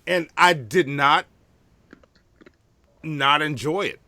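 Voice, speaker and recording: A man co-hosting a podcast in casual chat, swearing freely and giving lively opinions. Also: a little high, slow pace, no echo. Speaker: podcast co-host.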